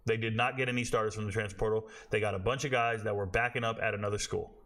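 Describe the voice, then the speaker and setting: A man's voice: fairly low pitch, steady tone, fast talker, a bit bright. A man in his forties hosting a sports show, ranting bluntly in casual talk and swearing freely. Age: 40s.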